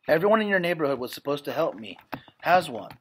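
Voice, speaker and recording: A man reading aloud, voicing a timid woman neighbor in hiding who talks in a hurried way. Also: a little high, sing-song, slight background noise.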